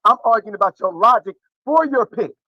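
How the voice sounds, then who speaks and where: Man, host, combative and brash, quick high delivery, dry muffled call audio. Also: lively intonation, no room sound. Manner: brash, combative, repeats himself. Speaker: show host. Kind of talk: heated casual debate.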